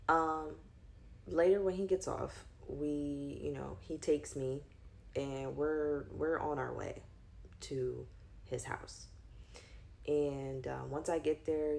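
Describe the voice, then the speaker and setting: A woman's voice: low-pitched, slow pace, gravelly. A woman telling a personal story in a casual, rambling way, full of fillers, that flares into heated outbursts.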